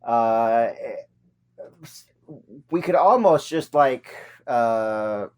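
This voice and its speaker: Man, 40s, podcast co-host; animated, joking banter, mid-pitched. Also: clean tone. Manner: animated, joking, quick asides. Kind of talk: casual chat.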